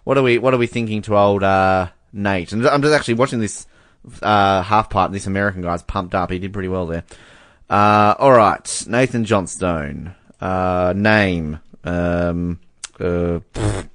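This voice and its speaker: A man's voice: low voice, measured pace, a bit bright, no echo, clean studio sound. A man co-hosting a casual podcast, joking and laughing often as he reads out fan messages. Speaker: podcast co-host. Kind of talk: casual chat.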